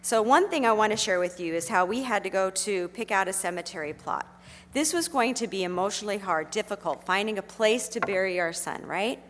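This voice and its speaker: A woman's voice: mid-range voice, animated, fairly quick, a little hiss or hum. Earnest middle-aged woman in a reverberant hall. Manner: gentle, earnest, with frequent fillers. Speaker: speaker sharing a personal story. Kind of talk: heartfelt storytelling talk.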